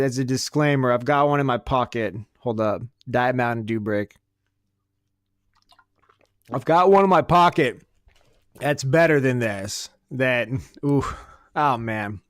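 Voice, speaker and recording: A man's voice: mid-range voice, measured pace, smooth, dry recording, clean studio sound. Profane, rambling male podcast host. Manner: swings between loud outbursts and muttered asides. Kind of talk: casual comedic rant.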